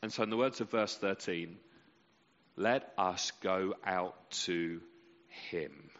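A man preaching a sermon with passion, letting his voice swell loud and sink to a near hush. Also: takes it slowly. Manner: impassioned, with sweeping rises and drops in pitch and volume. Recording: muffled sound with a long reverb in a large hall.

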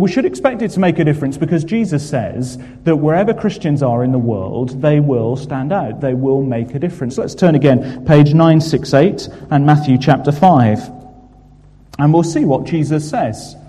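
Emphatic English preacher in an echoing hall. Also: male voice, medium pitch, dark tone, husky. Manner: earnest, emphatic, with frequent fillers. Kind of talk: sermon. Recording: long hall reverb.

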